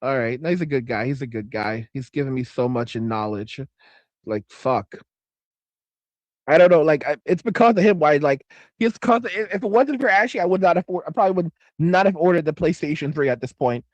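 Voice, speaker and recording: Middle-aged man, livestream host reading chat, high voice, dry close sound, profane rambling delivery. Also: lively intonation, a little fast, dry recording. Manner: rambling, swears a lot, repeats phrases; reads viewer comments aloud.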